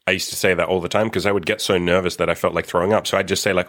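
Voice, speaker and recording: Blunt, low-voiced man. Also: little pitch movement, racing, fairly bright tone. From Australia. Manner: blunt, swears freely, acts out quoted dialogue. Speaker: dating coach podcast host. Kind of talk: casual solo podcast talk.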